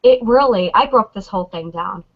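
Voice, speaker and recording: A woman on a convention panel, chatting excitedly and acting out lines from scenes. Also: mid-range voice, moderate pace, dull audio. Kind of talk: animated fan chat.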